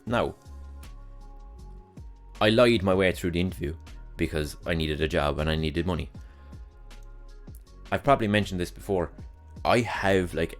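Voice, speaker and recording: Young male podcast host, deep voice, rambling and profane, exasperated storyteller. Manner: exasperated ranting about past jobs. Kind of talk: casual solo monologue.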